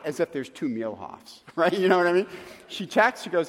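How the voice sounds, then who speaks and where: A man delivers a sermon in an animated storytelling manner, slipping into acted asides and quick rhetorical questions. His voice sits high and moves a great deal in pitch. The sound carries the long reverb of a large hall. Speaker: pastor.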